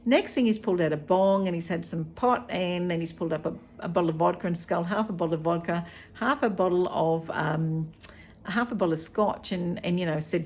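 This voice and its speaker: A middle-aged Australian woman recounts a personal story in a relaxed, unscripted way. Her voice sits a little low, and she talks with frequent fillers and restarts. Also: fairly quick, a little hiss or hum. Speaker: hypnotherapist.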